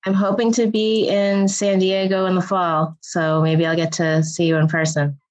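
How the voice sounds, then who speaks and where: A woman's voice: on the low side, little pitch movement, normal speed, a little mellow, low-quality recording. A woman who is a family law mediator, speaking as a friendly guest on a casual podcast.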